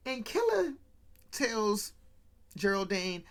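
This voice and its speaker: Dude recapping an old comedy sketch, loud bright voice, jumps way up when quoting people. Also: male voice, very animated, slow. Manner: chatty, asides to viewers, mimics quotes with pitch jumps. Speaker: podcast host. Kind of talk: casual retelling of a comedy sketch.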